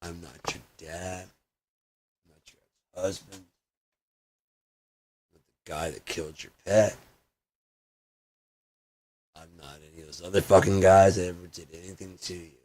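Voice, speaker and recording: A man delivering a profane, ranting personal video monologue that swings between loud outbursts and low muttering. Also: level tone, unhurried, long pauses. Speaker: video blogger.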